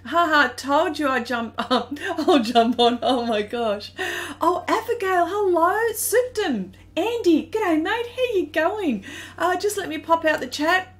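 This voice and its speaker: Woman, Australian accent, middle-aged, high voice, chatty, laughs often, live stream host. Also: lively intonation, measured pace. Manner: chatty, greets viewers by name, laughs often. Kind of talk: casual live stream chat.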